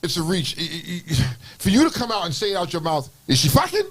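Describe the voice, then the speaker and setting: Casting: male co-host, lively swinging delivery, crude and jokey, slightly high voice. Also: quick pace. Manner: animated, profane, joking interjections. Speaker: podcast co-host. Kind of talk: uncensored casual chat.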